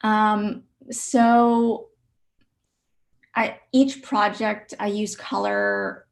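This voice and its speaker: A woman artist presenting her work on a video call, soft-spoken and reflective, with frequent ums. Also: medium pitch, level tone, very slow, vocal fry. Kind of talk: virtual studio visit presentation.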